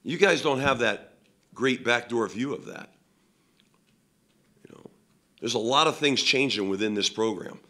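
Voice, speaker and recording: A man's voice: medium pitch, animated, measured pace, long pauses, bright, forceful tone. A man, a head football coach, answering questions at a post-game press conference in a blunt, emphatic way, with many fillers.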